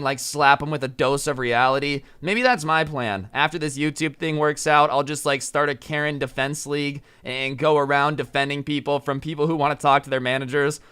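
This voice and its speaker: A man's voice: fairly high pitch, sharp tone, clear, resonant tone. A young man, a YouTuber, casually telling a story with many fillers and an amused tone. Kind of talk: storytime vlog.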